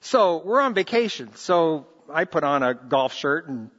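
Middle-aged male pastor, bright high delivery, animated and earnest, dull recording in a reverberant hall. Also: a little slow. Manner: earnest, animated preaching with repeated restarts. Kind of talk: sermon. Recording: reverberant hall, muffled lo-fi sound.

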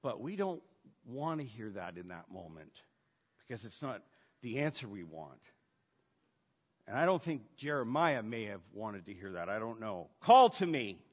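A man preaching a sermon, shifting between hushed, intimate lines and loud, emphatic ones. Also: on the low side, sing-song, normal speed, long pauses, slightly rough. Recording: dull sound with long hall reverb.

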